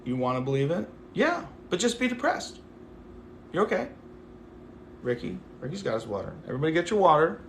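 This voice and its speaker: Hosting a casual livestream, a man with a slightly high voice and big pitch swings talks fairly quickly but pauses often. He rambles affectionately to his viewers, saying "like" constantly, in an echoey room with slight background noise.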